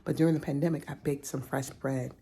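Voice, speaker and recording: Casual woman vlogger: low, gravelly, mellow voice, chatty, drifting into whispers. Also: steady tone, a little fast. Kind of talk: casual vlog chat.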